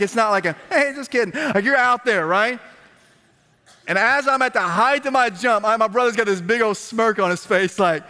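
A man preaching a sermon as a pastor, telling stories in a lively, conversational way with repeated phrases, speaking to a congregation in a church. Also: high voice. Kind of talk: storytelling sermon. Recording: long reverb of a large hall.

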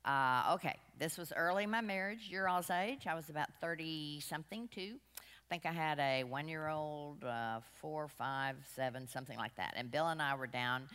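A woman's voice: low voice, normal speed, fairly bright tone, clean tone. A middle-aged woman, telling rambling, self-deprecating anecdotes to a group in a large room. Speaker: women's class speaker. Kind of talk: storytelling talk to a group. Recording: long hall reverb.

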